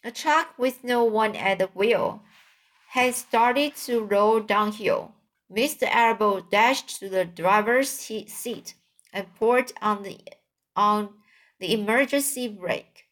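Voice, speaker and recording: A woman narrating a children's storybook, reading in a deliberate, careful way. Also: mid-range voice, a bit bright. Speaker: audiobook narrator.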